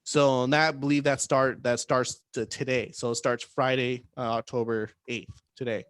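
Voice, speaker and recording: A man co-hosting a casual real estate podcast in an upbeat, jokey way, often tagging his points with a quick "right?". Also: medium pitch, level tone, a bit bright, dry recording.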